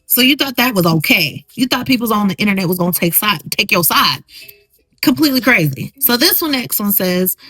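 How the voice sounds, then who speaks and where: A woman's voice: mid-range voice, lively intonation, brisk, bright, forceful tone, breathy edge, no echo, soft background music, low-quality recording. A woman podcast host, giving blunt, emphatic commentary on social media posts she reads aloud.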